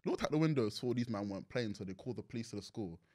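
Animated London man telling stories. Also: on the low side, racing. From England. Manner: animated storyteller, laughs often. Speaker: guest. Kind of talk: casual interview chat.

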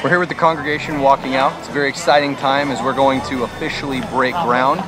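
A man's voice: medium pitch, fairly even intonation, quick pace, rough recording. A man doing playful mock news reporting at an outdoor church event, with a hammy announcer delivery.

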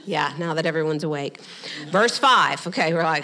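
A middle-aged woman pastor preaching a sermon, animated, with humorous asides and quick acted-out quotes. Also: low voice. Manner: acts out quoted voices in passing.

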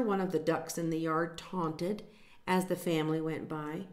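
A woman reading a picture book aloud to children, gently stopping to explain words and point at the pictures. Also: low voice, fairly even intonation, moderate pace. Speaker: storytime reader. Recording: echoey room.

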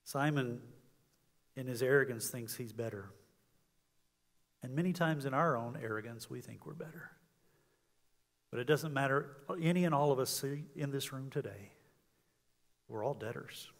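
A pastor preaching an earnest sermon in a church, swinging from emphatic peaks down to soft, quiet lines. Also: male voice, mid-range voice. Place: church sanctuary. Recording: long hall reverb.

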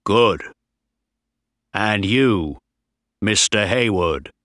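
Casting: man playing a harsh, bossy captain, deep, slow, clipped commands, dry sound. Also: expressive, fairly bright tone, no echo, full character voice. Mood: stern. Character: stern, bossy young male ship captain.

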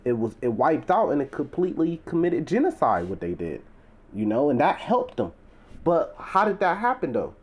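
With a mid-range, slightly mellow voice, a man gives a chatty but emphatic bible teaching. He keeps it conversational, leaning on "you know" and "right?", then swells into emphatic, preacherly stresses.

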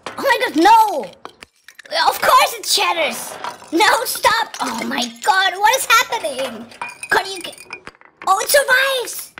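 A reaction video host exclaims, gasps and giggles at clips and makes up rhyming nonsense words in excited commentary. The voice is very high-pitched with big pitch swings and a slow delivery, and music from the clips adds heavy background noise.

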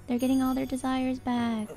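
A woman's voice: high-pitched, little pitch movement, normal speed, warm tone, faint music behind. A woman streamer talking casually over a game, reacting to it and chatting with viewers as she plays. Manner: chatty, reacts to the game and reads chat aloud. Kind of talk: live gameplay commentary.

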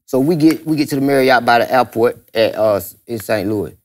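A man telling a story on a comedy podcast, animated and laughing as he acts out the people in it. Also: medium pitch, fairly quick. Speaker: guest comedian. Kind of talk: casual storytelling.

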